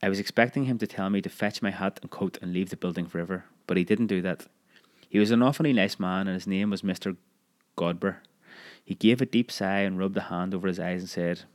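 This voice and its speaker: A man narrating a memoir audiobook in a measured, expressive storytelling manner. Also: low voice.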